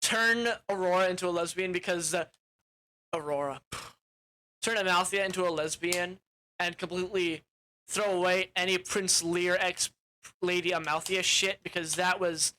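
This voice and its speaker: A young man with a bright, edgy voice talks through a movie plot in a loose, rambling way. He is crude and casual, and he strings his thoughts together with "like" and restarts. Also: high voice, steady tone, moderate pace, slight background noise. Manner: rambling, crude, with frequent "like" fillers. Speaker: movie reviewer.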